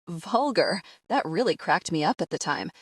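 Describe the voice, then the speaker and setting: A woman narrating a first-person audiobook in an expressive, wry, conversational way. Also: on the low side, normal speed, husky, no echo, clean studio sound.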